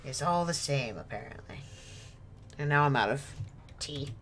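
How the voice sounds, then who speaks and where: A woman's voice: extremely low pitch, animated, normal speed, fairly bright tone. A woman streaming a video game from home, chatting and joking with viewers and her dog, laughing often. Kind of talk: casual gaming stream chat. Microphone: desk mic with webcam.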